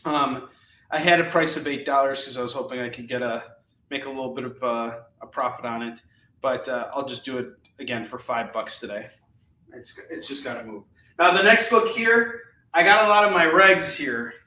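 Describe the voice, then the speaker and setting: A man hosting a live comic book sales show, chatting casually and enthusiastically, rambling with fillers as he pitches each book. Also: sharp tone. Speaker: live shopping show host selling comics. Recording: echoey room, mic at a distance, faint noise.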